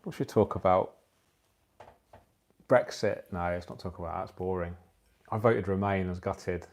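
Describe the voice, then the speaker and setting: A man's voice: deep voice, fairly even intonation, moderate pace, darkish tone. A man in his forties, tired and joking with viewers during a casual livestream he runs from his phone. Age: 40s. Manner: jokey, chatty, laughs at his own jokes. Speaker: aquascaping channel host. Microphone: phone used for the livestream.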